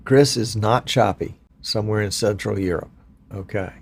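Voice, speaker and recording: Man, 60s, from Virginia, lowish voice, folksy chatty host of a casual live stream. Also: moderate pace, creaky. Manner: folksy, chatty, self-deprecating.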